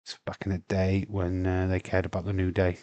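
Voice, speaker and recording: A man's voice: deep voice, monotone, a little fast, a little mellow, no echo, highs cut off. A British man from the UK talking casually and bluntly as the host of a live watch-along stream, rambling with many fillers and some swearing. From United Kingdom.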